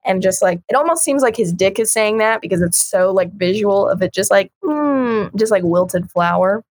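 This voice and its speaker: A woman's voice: mid-range voice, lively intonation, moderate pace, dry recording. A woman co-hosting a casual chat about a comic, frank and giggly, acting out lines as she goes. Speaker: podcast co-host.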